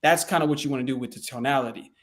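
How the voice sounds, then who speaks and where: A man's voice: medium pitch, rapid-fire. A man coaching real estate sales in a loose, conversational way with frequent fillers and restarts. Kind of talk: casual teaching talk.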